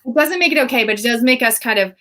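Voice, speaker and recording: A woman's voice: fairly high pitch, animated, fast, bright, forceful tone. A woman hosting a casual chat on a video call, enthusiastic and full of fillers. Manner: enthusiastic, chatty with many fillers. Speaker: host.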